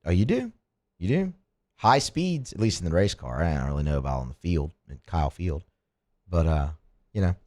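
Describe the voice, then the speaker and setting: A man hosting a sports radio show, joking and animated, with his voice swooping up now and then. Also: low-pitched, normal speed. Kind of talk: casual sports radio banter.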